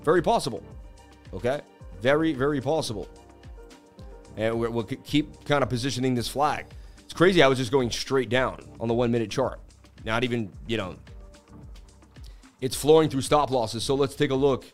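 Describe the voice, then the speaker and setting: A man hosts a live market-analysis stream, talking in a casual, excitable way. His voice sits in an ordinary middle pitch. Faint music plays under him. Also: normal speed, pauses often. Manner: animated, casual, hype-driven. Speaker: crypto market analyst host.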